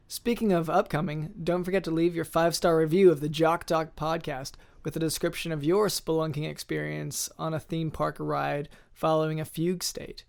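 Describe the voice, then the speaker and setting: A man's voice: fairly high pitch, flat delivery, normal speed, gravelly, hardly any pauses. A man hosting a podcast, chatting playfully and reading a jokey scripted outro. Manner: playful, wraps up with thank-yous. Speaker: podcast host. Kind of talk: casual chat and scripted outro narration.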